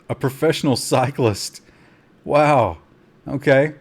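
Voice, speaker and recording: A man streaming a survival game, giving live commentary with excitable gasps between calm asides and talking to his chat. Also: medium pitch, takes it slowly, pauses often. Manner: talks to chat.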